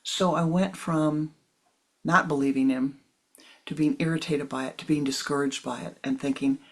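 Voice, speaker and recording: A woman spiritual teacher speaks in a low, husky voice. She tells a personal story, often sinking into soft whispered asides. She acts out the dialogue of the people in the story with feeling. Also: fairly even intonation, normal speed. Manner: acts out quoted dialogue expressively.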